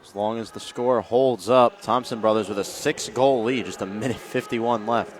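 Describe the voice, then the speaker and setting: A man giving relaxed color commentary on a lacrosse game, chuckling between analytical remarks. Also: on the low side, moderate pace, background noise.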